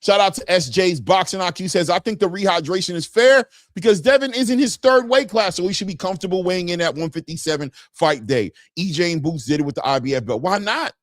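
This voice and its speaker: Animated man hosting a boxing livestream. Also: high-pitched, fast, few pauses, no echo, clean studio sound. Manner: animated, repetitive, slangy, laughs often. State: just woke up. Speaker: boxing talk livestream host. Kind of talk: casual livestream chat reading super chats.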